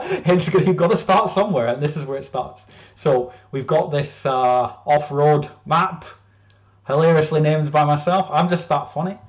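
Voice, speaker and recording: A man's voice: fairly high pitch, a little slow, muffled recording. A man presenting his own game casually, rambling with lots of fillers and restarts.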